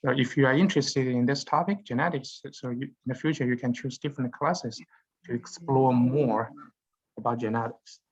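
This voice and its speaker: A male university lecturer explains course material in a halting way, pausing often on fillers and restarting his sentences. His voice sits at an ordinary middle pitch. The recording is dull and lo-fi. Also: steady tone. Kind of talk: classroom lecture.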